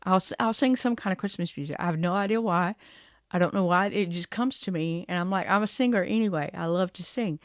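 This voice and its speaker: A woman's voice: fairly low pitch, dry recording, studio quality. A woman ranting casually to her camera in a vlog, chatty and exasperated, rambling with asides. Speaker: vlogger.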